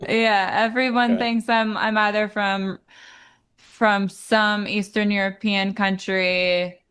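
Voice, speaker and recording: A woman's voice: mid-range voice, little pitch movement, slow pace, a bit bright, clean tone. A young adult woman singer talking casually in an interview, hesitant, with many ums and restarts.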